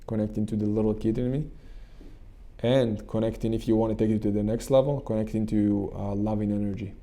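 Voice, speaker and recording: Male coach, dark mellow voice, gravelly, earnest guided-meditation talk. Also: on the low side, steady tone. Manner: earnest, repetitive, halting restarts. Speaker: channel host and coach.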